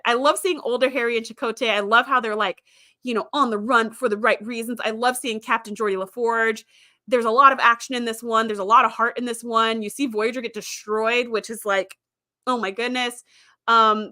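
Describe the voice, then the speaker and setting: A woman's voice: fairly high pitch, bright, forceful tone. A woman host recapping episodes in a chatty way, with fillers and quoted lines acted out. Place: streaming setup.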